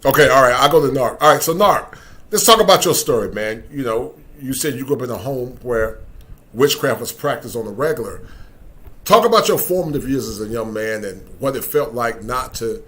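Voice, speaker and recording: A man's voice: medium pitch, animated, a little fast, fairly bright tone. A man with a mid-range voice hosts a podcast interview. He talks loosely and directly, dropping in casual slang as he steers the conversation. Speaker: host.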